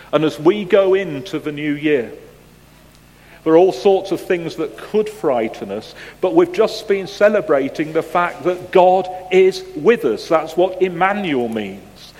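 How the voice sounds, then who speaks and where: A man preaches to his congregation, chatty and gently humorous as he works through clues and asks questions. His voice sits a little high and he takes his time over each phrase. Long reverb from the church hangs around every word. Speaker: pastor. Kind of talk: sermon with picture-clue quiz.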